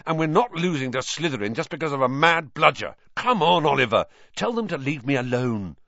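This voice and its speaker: A man's voice: a little high, expressive, brisk, bright, forceful tone, no echo, lo-fi sound, pitched above the performer's own voice, full character voice. A man voicing a determined teenage boy, earnest and insistent.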